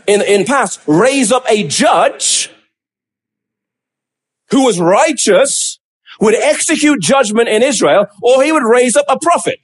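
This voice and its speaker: High-pitched guy preaching a sermon, emphatic, voices the pleas like real questions. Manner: emphatic, acts out quoted pleas with rising intonation.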